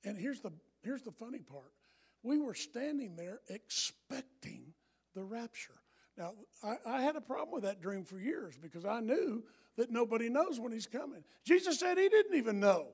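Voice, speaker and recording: A middle-aged man preaching a sermon, emphatic and repetitive, swinging from hushed lines to loud ones. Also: very high voice, big pitch swings, normal speed, slightly rough. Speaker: pastor.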